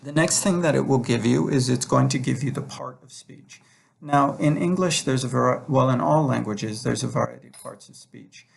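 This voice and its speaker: A man teaching a recorded lecture over slides, talking in a relaxed way with many fillers and restarts. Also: medium pitch, slight background noise. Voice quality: gravelly, creaky. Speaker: instructor.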